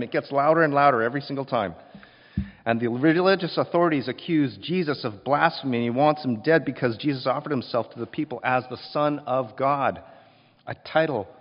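A man preaching a sermon, telling the scene with emphatic, expressive storytelling. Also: mid-range voice. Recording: dull recording with long reverb.

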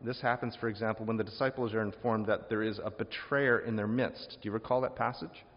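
A man preaching a sermon, lively and wry, acting out quoted questions in different voices and adding joking asides. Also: fairly low pitch, fairly quick. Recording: dull lo-fi sound with long hall reverb.

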